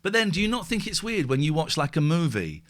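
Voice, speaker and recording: Guy ranting casually, bright voice, pitch jumping all over. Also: brisk. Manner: animated, swearing, exclamatory. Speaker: host. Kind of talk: casual chat.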